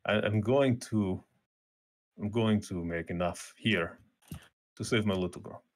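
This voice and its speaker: A man voicing a weary Ukrainian factory worker and desperate father, speaking halting, solemn, broken English in a Ukrainian accent during a tabletop role-play. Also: on the low side. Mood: resolute.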